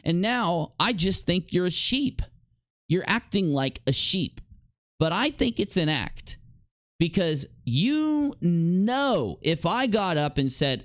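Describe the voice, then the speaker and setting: A man's voice: high-pitched, sing-song, takes it slowly, no room sound. A man streaming live, rambling and confronting a critic directly. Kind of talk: livestream commentary.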